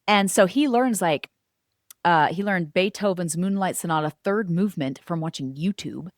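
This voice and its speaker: A middle-aged woman, a former teacher and homeschooling mother, telling her family's story in an interview, animated and acting out what others said. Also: fairly low pitch, normal speed, no echo, studio quality. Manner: animated, acts out quoted voices.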